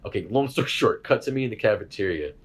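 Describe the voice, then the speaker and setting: A man spinning a rowdy anecdote in casual conversation. His pitch swings widely as he laughs and slips into the voices of the people in his story. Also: quick pace, a loud crowd. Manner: animated, laughing, acts out voices in his stories. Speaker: host.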